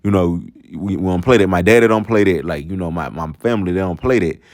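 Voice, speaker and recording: A man voicing a young man from the hood, a remorseful ex, in a lowered, slangy, halting way. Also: dry recording, studio quality, close to an everyday voice. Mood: confessing.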